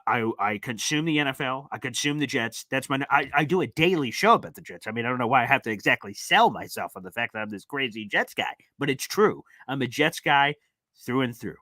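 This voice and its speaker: A young man hosting a live sports fan call-in show, talking in an excitable, rambling and emphatic way. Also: mid-range voice, no echo. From northeastern United States.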